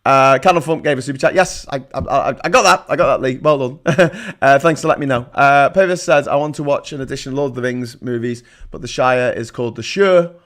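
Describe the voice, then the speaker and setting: A man hosting a political livestream, reading chat messages and ranting sarcastically, swinging between loud outbursts and low muttering. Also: fairly quick, few pauses. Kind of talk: ranting live-stream commentary reading chat.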